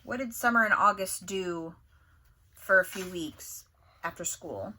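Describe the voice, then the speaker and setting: A woman teacher reading a novel aloud to her class with expressive storytelling, then asking questions about it. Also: medium pitch, unhurried, a little hiss or hum.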